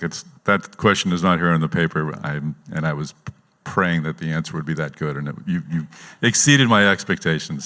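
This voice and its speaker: Deep, fast-talking male interviewer in a hall. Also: a bit bright. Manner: rambling, self-correcting questions. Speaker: conference interviewer. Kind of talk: live on-stage interview questions. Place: large conference hall. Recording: long hall reverb.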